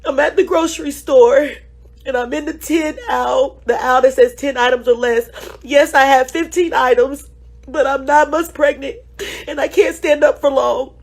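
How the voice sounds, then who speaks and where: A woman's voice: high voice, steady tone, moderate pace. A woman, a state representative, tearfully recounting an incident and pleading with viewers in a crying, shaky voice. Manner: pleading, repeats "y'all". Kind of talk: emotional phone video testimony.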